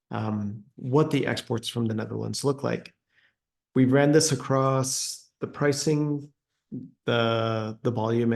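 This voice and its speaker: A man's voice: medium pitch, creaky, a little mellow. A man giving a webinar presentation on trade data, hesitant with many fillers and restarts and an uneven pace.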